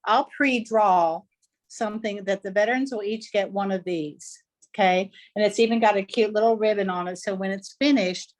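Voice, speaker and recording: A woman's voice: mid-range voice, steady tone. A woman art teacher talking casually over a video call, often stopping to search for words. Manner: halting, searches for words with many fillers. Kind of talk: casual chat.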